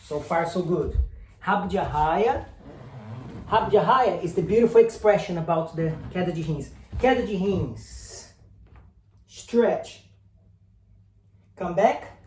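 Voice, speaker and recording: Male capoeira instructor, unhurried, calls out each move, roomy recording. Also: high voice, expressive, a little mellow. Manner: counts and calls out moves while demonstrating; drifts on and off mic while moving. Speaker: capoeira teacher. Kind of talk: instructional demonstration. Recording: echoey room, faint noise.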